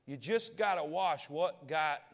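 A man preaching a sermon, telling a story in a folksy, colloquial way, swinging from loud to hushed and asking the audience questions. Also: fairly high pitch, unhurried. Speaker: pastor.

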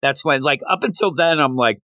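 A man co-hosting a podcast animatedly walks through scenes from a manga chapter in casual chat. His voice is fairly high, brisk, pushed and bright, with no room sound.

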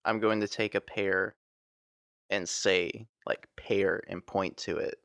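A man's voice: low voice, fairly even intonation, a little slow, fairly bright tone, no echo. A man playing a tabletop role-playing game, plainly describing his character's actions. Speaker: player.

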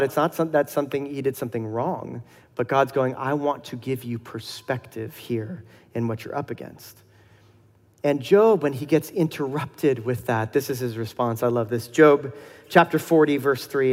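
A middle-aged man preaching a sermon in a relaxed, conversational way, acting out dialogue and laughing softly now and then. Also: medium pitch, normal speed, big-room sound. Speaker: pastor.

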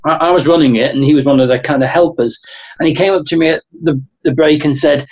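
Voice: mid-range voice, quick pace, muffled recording. A guest speaker with a Liverpool accent, working as a motivational coach, talking in a rambling way with lots of restarts. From Liverpool, England. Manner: rambling, restarts phrases, animated storytelling. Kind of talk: casual interview chat.

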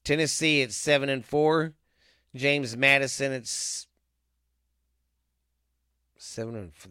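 A man's voice: mid-range voice, takes it slowly, long pauses, bright, forceful tone, smooth, no echo, studio quality. A man hosting a podcast, rambling loosely and cursing freely as he reads off scores and makes his sports picks. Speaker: podcast host. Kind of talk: casual sports picks monologue.

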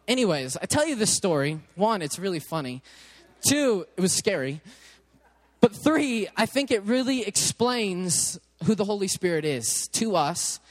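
Guy with a pretty high voice telling a story in a sermon, chatty, keeps restarting. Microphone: headset mic.

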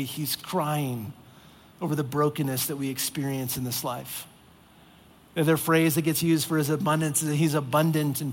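Earnest man preaching in a reverberant hall. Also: on the high side. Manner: earnest, repetitive emphasis, acts out exasperated voices. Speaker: pastor. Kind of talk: sermon. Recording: long reverb of a large hall.

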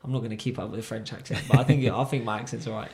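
A man's voice: on the low side, fairly even intonation, rapid-fire, darkish tone. A man chatting casually as a podcast co-host, telling stories animatedly with many fillers. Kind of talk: casual chat. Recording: roomy echo.

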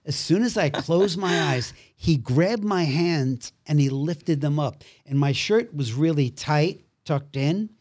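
Animated man. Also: on the high side, takes it slowly, hardly any pauses, dry recording, studio quality. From Brooklyn, New York. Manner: animated storyteller who acts out the other people's voices. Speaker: podcast guest, actor. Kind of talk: storytelling conversation.

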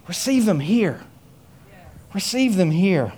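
A man preaching a sermon, telling a story with many repeated phrases and rising to loud, high emphasis. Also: expressive, moderate pace. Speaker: pastor.

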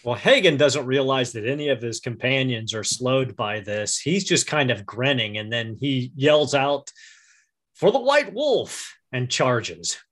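A man playing in a tabletop game, describing his character's actions in a relaxed, matter-of-fact way. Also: medium pitch, a little slow, few pauses. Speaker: player. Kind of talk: casual tabletop play.

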